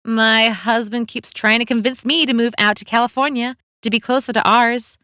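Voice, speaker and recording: A woman reading an audiobook, voicing a cheerful, carefree middle-aged woman who chats brightly with a stranger. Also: fairly high pitch, fairly even intonation, moderate pace, no echo, studio quality, pitched above the performer's own voice. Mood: bubbly. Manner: bright, breezy and chatty.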